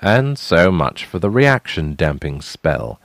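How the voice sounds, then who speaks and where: A man voicing a wry, deadpan former navy sailor who speaks slowly and dryly. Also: deep voice, no room sound, clean studio sound, full character voice.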